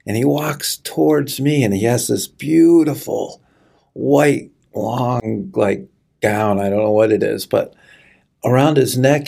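A middle-aged man telling a personal story in an earnest, halting way, choking up as he goes. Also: on the low side, creaky, mellow, breathy edge. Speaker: guest sharing a personal story. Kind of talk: conversational testimony.

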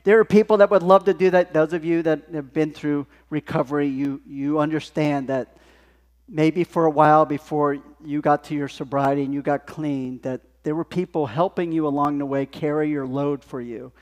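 A male pastor delivers a sermon in a chatty, storytelling way. His voice sits somewhat high for a man. A long church reverb trails after his words. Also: moderate pace. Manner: conversational, animated storytelling. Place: church sanctuary.

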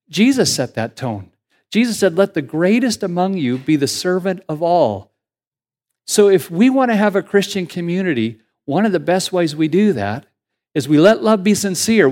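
A man preaching a sermon as pastor in a conversational, animated way, building to emphatic points. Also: sits high.

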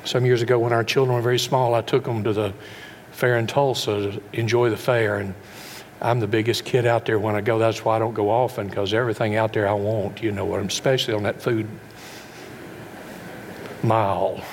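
A man's voice: lowish voice, flat delivery, normal speed, darkish tone, a little hiss or hum. A middle-aged male pastor preaching a sermon, folksy and full of rhetorical questions to the congregation.

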